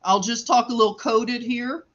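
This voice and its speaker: A woman's voice: on the high side, fairly even intonation, moderate pace, muffled recording. A woman live streaming from a hospital room, telling a story in casual chat, laughing often and acting out what people said. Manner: chatty, laughs often, acts out quotes.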